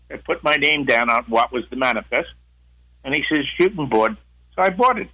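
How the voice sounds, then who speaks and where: A man's voice: mid-range voice, expressive, a little fast, bright, forceful tone, low-quality recording. An older man, a guest on the show, telling a long story in a casual way, with many restarts and acted-out quotes.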